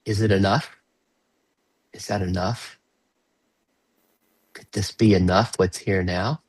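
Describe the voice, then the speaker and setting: A man with a low, slightly husky voice guides a small group through a reflective exercise over a video call. He speaks slowly and gently, asking open questions. The sound is dry and close. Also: fairly even intonation, dry recording, rough recording. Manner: slow, gentle, inviting questions with playful bursts. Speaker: workshop facilitator. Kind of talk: guided reflective workshop talk.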